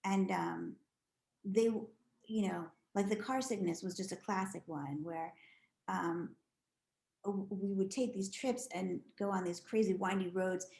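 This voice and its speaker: A middle-aged woman telling stories as a podcast guest, animated and chatty with lots of restarts. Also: mid-range voice, measured pace, gravelly. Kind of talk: casual storytelling interview. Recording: echoey room.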